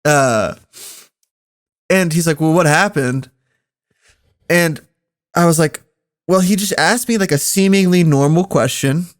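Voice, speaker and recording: A man's voice: on the high side, a little slow, long pauses. A young man casually telling a story on a podcast, laughing often as he recounts it. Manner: laughs often, animated retelling.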